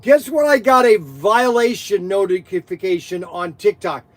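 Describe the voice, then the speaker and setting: Excitable high-voiced man hosting a livestream. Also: measured pace, no echo. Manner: excitable, rambling, laughing, teasing. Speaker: livestream host of a toy shop. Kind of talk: casual livestream chat, reading viewer comments.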